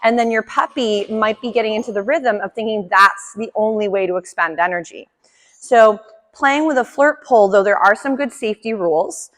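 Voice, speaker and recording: A woman's voice: medium pitch, normal speed, a bit bright. A woman dog trainer giving a friendly, chatty demonstration lesson, talking through each step and praising the dog as she works. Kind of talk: instructional demonstration. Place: indoor training room. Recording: echoey room reverb.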